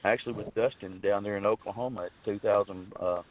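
Over a tinny phone line, a male guest earnestly tells a long personal story, rambling casually with lots of restarts and fillers. His pitch is fairly low, his intonation fairly even, and he talks fast.

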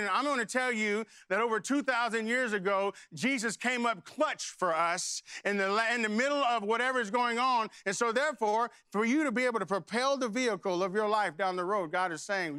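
A man's voice: high-pitched, a little fast, hardly any pauses, pushed and bright, clean tone. A middle-aged man preaching a sermon, telling a folksy personal story and then leading prayer. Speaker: pastor.

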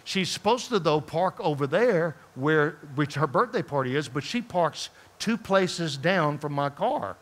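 A man preaching, telling a personal story in a conversational, animated way and asking the congregation questions as he speaks to them in church. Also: a little high, measured pace, few pauses. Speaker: pastor. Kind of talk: storytelling sermon. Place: church sanctuary before a congregation.

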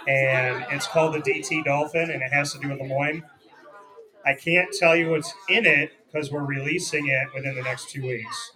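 A young radio show host with a slightly high voice holds a casual interview in a restaurant, speaking at a moderate pace over crowd noise. He jokes, teases, and tells stories animatedly.

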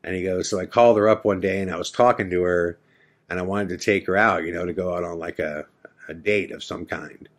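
A man's voice: deep voice, fairly even intonation, fairly quick. A man hosting a podcast, telling a personal ghost story with lots of quoted back-and-forth dialogue. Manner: retelling the scene with quoted dialogue, many "I'm like" asides. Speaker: podcast host.

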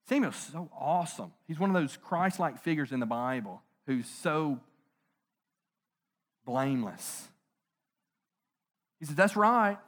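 Middle-aged male pastor, lively conversational sermon, fairly high voice, playful rhetorical questions. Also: slow pace, long pauses. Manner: animated, conversational preaching with jokes and rhetorical questions.

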